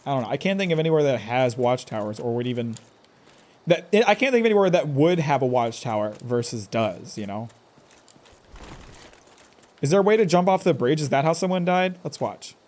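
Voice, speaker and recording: Here a man talks fairly quickly in a medium, slightly mellow voice full of big pitch swings. He's live-streaming a game and keeps up jokey commentary, trash-talking the boss and the characters.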